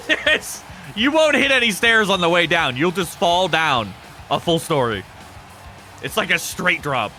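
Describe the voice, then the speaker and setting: A man hosting a casual game stream, with a high, very animated voice that swings widely in pitch. He talks to viewers in a loose, foul-mouthed way and laughs easily. Game music runs clearly behind him. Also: unhurried. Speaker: stream host and match commentator. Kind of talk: casual live-stream commentary.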